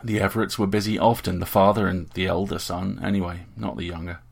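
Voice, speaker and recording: A man narrating an audiobook story in a measured, even way. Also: low voice, gravelly, husky.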